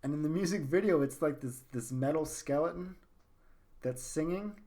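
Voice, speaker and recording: A man's voice: a little high, moderate pace, mellow. A man hosting a casual podcast chat, rambling enthusiastically and repeating himself. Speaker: podcast host.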